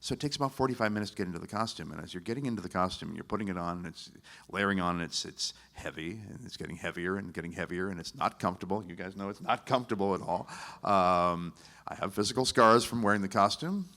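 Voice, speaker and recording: A man with a very low voice answers a question at a convention panel. He speaks emphatically and in fussy detail, stressing how things ought to be done. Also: quick pace, sharp tone. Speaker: costumed character performer, panelist.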